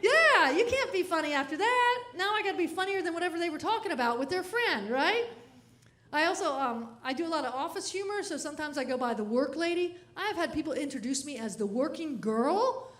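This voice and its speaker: A woman with a high, lively voice delivers a comic keynote from the stage. She tells her stories with animation and laughs often between lines. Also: brisk. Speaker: keynote speaker and comedian. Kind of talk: comedic keynote speech.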